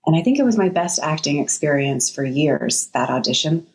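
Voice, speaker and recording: A woman with a fairly low voice talks as an interview guest. She thinks aloud, measured and a little hesitant, weighing each answer. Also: expressive, a little mellow. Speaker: actress guest. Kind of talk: casual interview.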